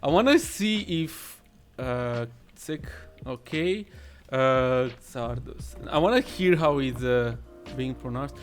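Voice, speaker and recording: A man's voice: mid-range voice, animated, takes it slowly, hardly any pauses. A man co-hosting a podcast, chatting casually and hesitantly, thinking aloud with many fillers. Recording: faint music behind.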